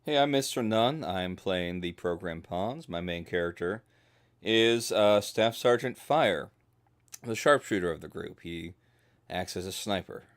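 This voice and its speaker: Deep-voiced male player, brief. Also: animated, a little slow. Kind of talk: casual chat.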